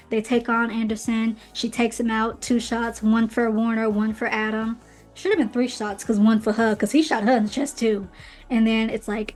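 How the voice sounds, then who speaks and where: With faint music behind her, a podcast host chats through a book series she's reviewing, opinionated and playful in her asides. Her voice leans high and a little mellow, and the commentary is casual.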